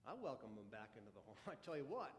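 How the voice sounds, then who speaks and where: Indignant, self-righteous elder son, high for a man, echoing in a big church; a pastor plays him in a sermon. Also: lively intonation, moderate pace. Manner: indignant, sarcastic complaining. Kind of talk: first-person dramatic sermon monologue. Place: church sanctuary. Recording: echoey church sanctuary.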